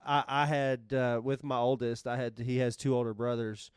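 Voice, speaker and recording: A man co-hosting a podcast, telling a personal story in halting, rambling casual chat. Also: mid-range voice, little pitch movement, clean tone, no room sound, clean studio sound. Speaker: podcast co-host.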